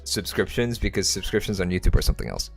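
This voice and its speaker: Very deep, gravelly-voiced young man co-hosting. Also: very animated, fast talker, soft background music. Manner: rambling, joking asides, trails off mid-sentence. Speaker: stream co-host. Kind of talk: casual live-stream chat.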